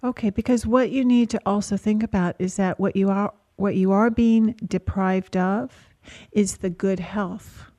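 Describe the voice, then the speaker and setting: A woman hosting a call-in radio advice show, calmly coaching a caller with gentle, repetitive phrasing. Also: mid-range voice, measured pace. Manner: calm, coaching, speaks in gentle repeated phrases. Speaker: radio talk show host and therapist.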